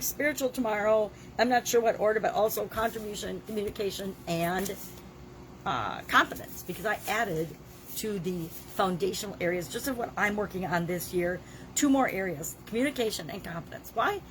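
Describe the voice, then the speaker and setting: A woman in her sixties, talking casually in a daily video diary while she has a cold and a scratchy throat, chatty and emphatic with the odd cough. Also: mid-range voice. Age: 60s. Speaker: vlogger.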